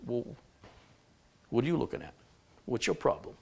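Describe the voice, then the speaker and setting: A man's voice: medium pitch, very animated, normal speed, gravelly, darkish tone, breathy edge, exaggerated voice. A man doing a brash, confrontational New York tough guy with a New York accent who turns everything into a challenging question. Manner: pushy, everything asked as a challenge.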